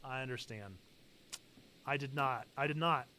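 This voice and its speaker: A man giving live commentary while he plays a video game on stream, excitable and quick to break into shouts at what happens in the game. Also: medium pitch, slight background noise. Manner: excitable, bursts into shouting over game events. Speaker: church gaming streamer.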